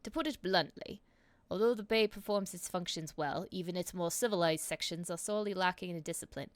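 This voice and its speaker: A woman's voice: fairly low pitch, a little fast, no echo, close to an everyday voice. A woman doing a stern enforcer captain. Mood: stiff formal. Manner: formal, stiff military speech. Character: stern male enforcer captain, officious and scornful. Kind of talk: reading game dialogue aloud.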